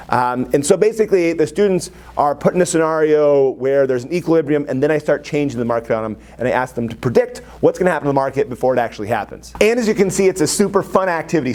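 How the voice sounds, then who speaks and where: Energetic man teaching a classroom. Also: on the high side. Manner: energetic, enthusiastic, jokey. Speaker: economics teacher. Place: high school classroom.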